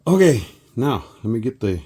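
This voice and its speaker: A man from South Texas chatting casually while he works, a rambling storyteller who often clears his throat. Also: medium pitch, big pitch swings, moderate pace, mellow. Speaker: resin crafting vlogger.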